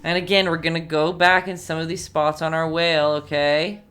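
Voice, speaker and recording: Low-voiced chatty woman teaching painting. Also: flat delivery, brisk, fairly bright tone, soft background music. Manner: chatty and encouraging, hums while working. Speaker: painting instructor. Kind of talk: live-streamed painting lesson.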